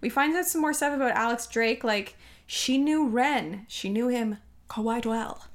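A woman co-hosting a podcast in casual chat, excitable and swearing a lot. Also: fairly high pitch, a little slow. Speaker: podcast co-host.

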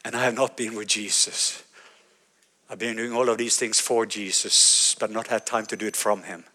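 A Norwegian man in his fifties with a Norwegian accent, preaching a sermon as an animated storyteller. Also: on the low side, moderate pace. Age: 50s. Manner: animated storytelling, acting out his own quoted words.

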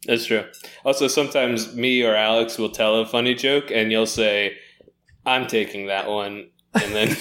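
A man co-hosting a comedy podcast with a bright, clear voice. He jokes freely and laughs easily while chatting with his friends. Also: mid-range voice, fairly even intonation. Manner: joking, quick to laugh. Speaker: podcast co-host. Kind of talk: casual comedic banter.

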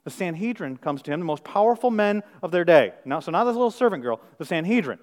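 A man preaching in a somewhat high voice, leaning hard on rhetorical questions. He drops to a near hush, then climbs to loud, pressing emphasis. He is a middle-aged pastor in full sermon mode. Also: sing-song, fast, long reverb tail.

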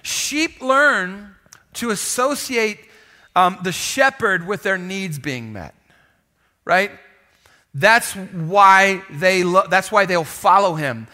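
A man preaching a sermon in an animated, lively way, often calling out to the congregation for a response. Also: high-pitched, slow. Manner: animated, calls for audience response. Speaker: pastor.

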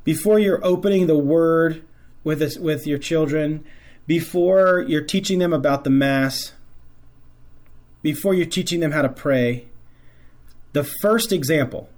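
A man's voice: fairly high pitch, a little slow, long pauses, a little mellow. A man hosting a Catholic show, talking earnestly to fathers in a preaching style and repeating phrases for emphasis. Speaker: host of a Catholic faith show.

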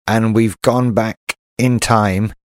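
A British man with a low voice talks through a podcast in easy, rambling chat. He restarts his sentences a lot. The sound is dry and close. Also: steady tone, slow pace, no room sound. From Britain. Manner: chatty, self-interrupting. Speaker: podcast co-host. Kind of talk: casual chat.

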